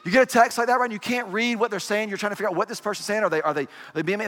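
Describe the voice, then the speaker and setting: A pastor in his forties delivers a sermon in an animated, storytelling manner, asking his listeners question after question. His voice sits a little high for a man. The sound carries a long reverb, as in a large hall. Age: 40s.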